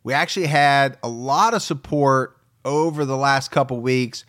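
A man's voice: mid-range voice, normal speed, a bit bright. A man hosting a podcast, joking as he reads out supporter names. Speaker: podcast host. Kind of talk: casual podcast chat and read ad.

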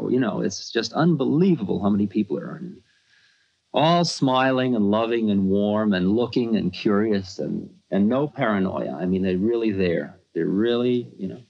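A man's voice: fairly low pitch, darkish tone, husky, highs cut off. A man telling a personal story in a rambling, conversational talk full of asides.

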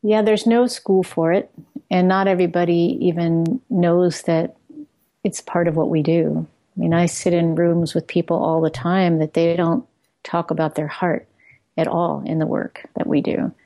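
Mellow, low-voiced woman speaking earnestly. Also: level tone, moderate pace. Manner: earnest, searching, restarts her phrases. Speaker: guest, outreach work leader. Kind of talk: reflective conversation.

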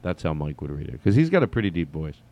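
A man's voice: a bass voice, big pitch swings, fast, creaky, highs cut off. A man telling a story casually as a comedian host, rambling with many restarts and some swearing. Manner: rambling, profane, lots of restarts.

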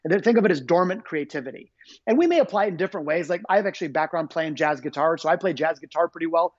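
A man's voice: on the high side, lively intonation, rapid-fire, dry recording, highs cut off. A man being interviewed as an author, talking in an upbeat, enthusiastic way. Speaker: guest author. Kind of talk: energetic interview talk.

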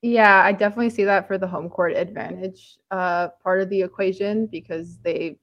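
Young woman with a gravelly edge. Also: mid-range voice, steady tone, moderate pace, no echo, lo-fi sound. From Toronto, Canada. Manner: chatty, lots of "like" and "um", hedging. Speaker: podcast co-host. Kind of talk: casual sports chat.

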